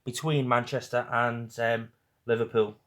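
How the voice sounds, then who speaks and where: A man's voice: mid-range voice, little pitch movement, a little slow, a bit bright. A young man from northwest England hosting a casual live stream, with a northwest English accent, chatty and teasing, laughing often with viewers. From St Helens, northwest England.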